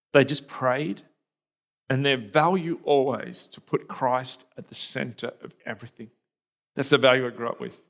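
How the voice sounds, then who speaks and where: A man's voice: mid-range voice, fairly bright tone. A middle-aged man preaching a sermon as a pastor, telling a personal story in a conversational, reflective way with fillers and restarts.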